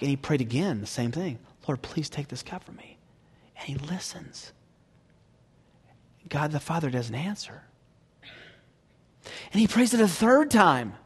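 A man preaching a sermon, swinging from hushed near-whispers to loud emphatic peaks and asking the audience rhetorical questions. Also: mid-range voice.

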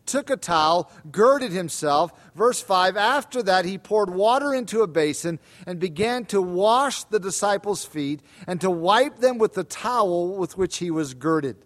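A man preaching a Bible sermon with a notably high voice. He reads scripture aloud and explains it, slowing down and leaning into quoted words for emphasis. His delivery is earnest and deliberate. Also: animated. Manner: expository preaching, dramatic pauses and emphatic quoted lines.

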